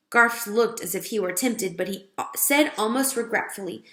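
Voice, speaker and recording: A woman narrating a children's book aloud in a clear storytelling manner. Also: mid-range voice, moderate pace, hardly any pauses, fairly bright tone. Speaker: reader. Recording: roomy echo.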